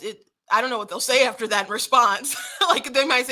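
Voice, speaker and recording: A young woman with a bright, slightly high voice hosts a political commentary show. She talks frankly and quickly, often restarting her sentences and breaking into short laughs. Her tone stays casual and conversational. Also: lively intonation.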